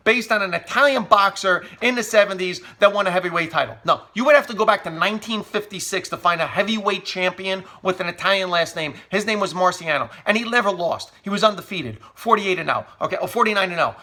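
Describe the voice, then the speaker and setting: Man, high voice, bright tone, sarcastic comedic rant, middle-aged. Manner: sarcastic, animated, mock quotes. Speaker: commentator. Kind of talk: humorous rant.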